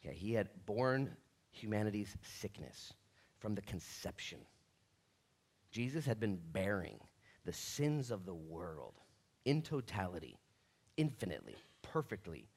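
A middle-aged male pastor preaching a sermon in a lively, animated way, acting out the voices of people in the story. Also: lowish voice, breathy edge.

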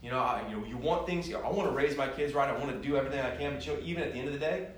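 A man giving a sermon in a conversational, self-deprecating way, growing animated as he tells personal stories. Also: medium pitch, racing. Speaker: pastor. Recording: echoey room heard from a distance.

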